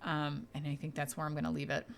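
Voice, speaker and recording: A woman speaks fast in a low-pitched voice with vocal fry and a completely flat delivery. As a medium hosting a casual podcast, she answers listener questions chattily and reassuringly, with many fillers and light laughter.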